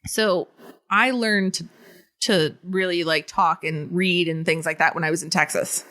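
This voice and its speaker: A woman's voice: lowish voice, steady tone, measured pace, a bit bright. A woman co-hosting a podcast in casual chat, easygoing, laughing often and giving short agreeing replies. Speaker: podcast co-host.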